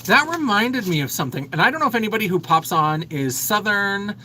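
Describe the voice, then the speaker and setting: A man's voice: high voice, expressive, brisk, bright, forceful tone, slight background noise, rough recording. A man in his thirties hosting a casual makeup livestream, chatting and reading viewer comments aloud. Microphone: phone.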